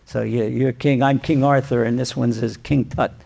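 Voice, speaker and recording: Scoffing robber gang, gravelly and low, as a rabbi puts them on. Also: male voice, fairly even intonation, normal speed, dark tone. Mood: mocking. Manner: scoffing, sarcastic. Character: mocking gang of male robbers.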